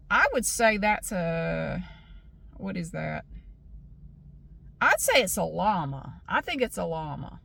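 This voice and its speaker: A woman's voice: on the high side, gravelly, fairly bright tone, no echo. Chatty Southern woman in her fifties. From American South. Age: 50s. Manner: frank, chatty, rambling. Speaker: vlogger. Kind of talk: casual vlog chat.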